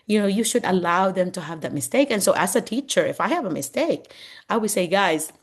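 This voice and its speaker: A woman's voice: medium pitch, expressive, fast talker, breathy edge. A middle-aged woman, a veteran teacher mentoring new teachers over a video call, chatty and laughing often. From Philippines. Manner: chatty and warm, laughs often, acts out what students say. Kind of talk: Zoom mentoring talk.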